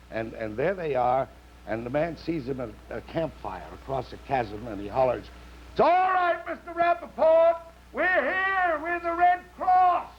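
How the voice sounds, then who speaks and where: A man telling jokes at a round table of comedians, acting out the voices in his stories, on a dull old TV recording. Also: mid-range voice. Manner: animated storyteller doing voices. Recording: dull old TV audio with faint noise.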